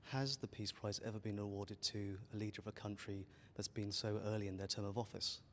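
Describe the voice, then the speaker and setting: A man's voice: lowish voice, little pitch movement, fairly quick, a little hiss or hum. A man working as an interviewer, asking formal and carefully phrased questions in a polite manner. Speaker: interviewer, editor. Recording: long reverb.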